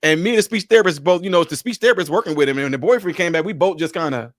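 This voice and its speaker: Male host, high-pitched and dry, loose laughing storyteller for a casual chat. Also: very fast, no room sound.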